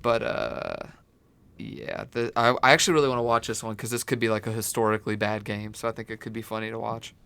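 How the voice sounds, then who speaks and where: A man co-hosting a casual sports podcast who tells rambling, animated stories. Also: lowish voice, quick pace, clear, resonant tone, dry recording. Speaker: podcast co-host.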